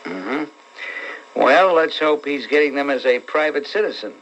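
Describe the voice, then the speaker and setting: A man with a New York accent hosts call-in talk radio, blunt and scolding toward his callers. His voice sits a bit high for a man. The sound is a dull, lo-fi radio broadcast. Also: expressive, moderate pace, a bit bright, a little hiss or hum.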